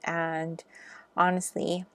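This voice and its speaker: A young woman doing a pick-a-card tarot reading, speaking gently and encouragingly with frequent ums. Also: lowish voice, completely flat delivery, takes it slowly, dry recording. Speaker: tarot reader.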